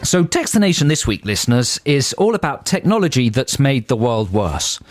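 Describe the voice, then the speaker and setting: A man's voice: mid-range voice, sing-song, normal speed, over loud music. A man co-hosting a radio show, making wry, opinionated points in a mock-indignant way. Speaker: radio co-host. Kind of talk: casual radio chat. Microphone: studio microphone.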